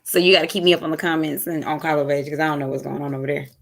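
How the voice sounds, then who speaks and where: A woman's voice: low-pitched, steady tone, fast, gravelly. Weary woman venting on a livestream. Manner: frustrated, weary, rambling. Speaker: livestream host. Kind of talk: casual livestream chat.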